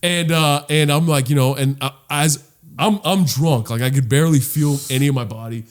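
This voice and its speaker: A man's voice: fairly high pitch, moderate pace. A young man from the US co-hosting a casual comedy podcast, rambling through bits and laughing often. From United States. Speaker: podcast co-host.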